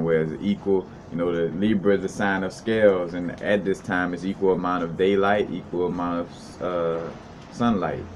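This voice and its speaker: A man's voice: sits low, slight background noise. A man hosting a casual unscripted video monologue, explaining ideas in a meandering, loose way.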